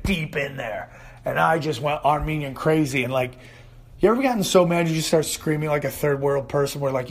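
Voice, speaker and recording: A man hosting his own podcast rants through a funny story in a voice that sits a bit high. He talks fast and with energy, and he breaks into loud yelling when he quotes the people in his story. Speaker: podcast host. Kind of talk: comedic solo rant.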